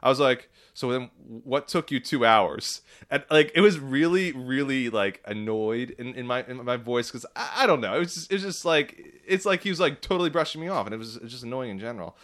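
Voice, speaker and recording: A man's voice: medium pitch, lively intonation, fast talker, hardly any pauses, fairly bright tone. Man, podcast co-host, rambling, lots of fillers, heated storyteller, medium voice. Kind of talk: casual chat.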